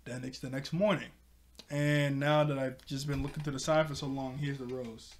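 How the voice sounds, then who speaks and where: A man's voice: mid-range voice, fairly even intonation, moderate pace. A man casually recapping a cartoon episode, rambling with many fillers and frequent laughs.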